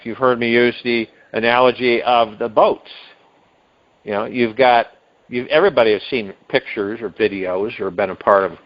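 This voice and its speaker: A man hosting a meditation call, giving a rambling spiritual talk with restarts and drawn-out emphasized words, heard over a phone conference line. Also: lowish voice, lo-fi sound.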